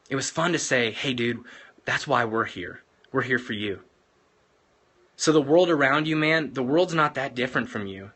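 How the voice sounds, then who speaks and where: A man's voice: mid-range voice, bright, forceful tone. A young man giving an earnest, casual motivational talk as host of a weekly show, often saying "man". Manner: earnest, retells film scenes, many fillers like "man".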